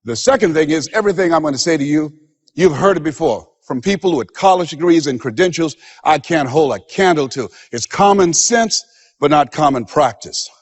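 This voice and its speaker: Male motivational speaker, emphatic preacher cadence with a fairly high, animated pitch, recorded in a reverberant hall. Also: moderate pace, muffled recording. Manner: emphatic, preacher-like delivery that acts out quoted voices. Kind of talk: motivational seminar speech.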